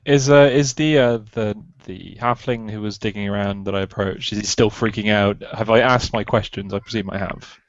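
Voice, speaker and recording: A man's voice: on the low side, steady tone, normal speed, hardly any pauses, no echo. Man, tabletop player, blunt jokes, dull lo-fi mic, dry. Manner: joking, blunt. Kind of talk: casual tabletop game talk. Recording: muffled lo-fi mic.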